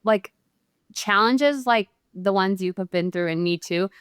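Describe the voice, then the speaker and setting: A woman's voice: medium pitch, unhurried, clean tone, no echo, clean studio sound. A middle-aged woman speaking as a podcast guest, reflective, earnest and heartfelt. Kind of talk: reflective interview talk.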